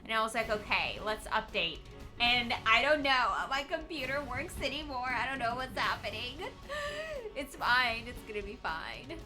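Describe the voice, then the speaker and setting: A woman's voice: fairly high pitch, moderate pace, over music. A young woman chatting casually to viewers on a live stream, tired and rambling, with bursts of bubbly squealed greetings.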